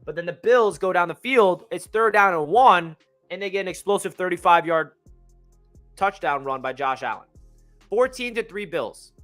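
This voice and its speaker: A young man excitedly recapping a football game as a fan channel host, rambling and correcting himself as he goes. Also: high voice, normal speed, faint music behind. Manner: energetic, rambling, self-correcting.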